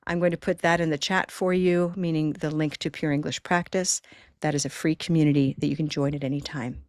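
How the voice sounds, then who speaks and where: A woman's voice: deep voice, fairly even intonation, brisk, darkish tone, no echo, clean studio sound. A woman hosting a live online pronunciation class, talking in an upbeat, encouraging and chatty way through a computer microphone.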